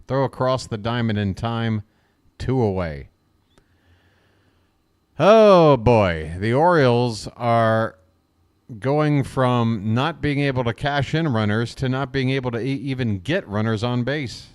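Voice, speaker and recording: A man provides live fan play-by-play of a baseball game, chatty and wisecracking, answering chat viewers between pitches. His intonation is lively and his delivery slow and smooth.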